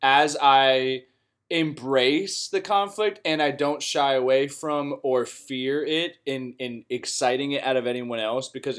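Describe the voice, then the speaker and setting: A man in casual podcast chat, reflecting earnestly on personal growth in slangy, relaxed speech. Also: mid-range voice.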